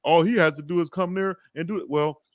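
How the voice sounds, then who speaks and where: A man's voice: fairly high pitch, fairly even intonation, a little fast, dry recording. A man hosting a heated sports debate, pressing his point in slangy talk and calling his co-host "dog". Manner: insistent, slangy, repeats "dog".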